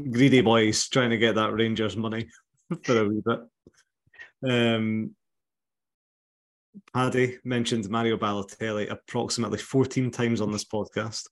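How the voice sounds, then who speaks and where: Scottish male podcast host, low voice, wry teasing delivery. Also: little pitch movement, unhurried, long pauses. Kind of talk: casual podcast chat.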